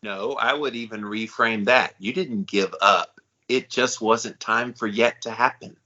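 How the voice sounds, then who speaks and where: A man's voice: lowish voice, a little slow, pushed and bright, muffled recording. A middle-aged man co-hosting a podcast, talking with upbeat enthusiasm in casual chat. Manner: enthusiastic hype-man delivery. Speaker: podcast co-host.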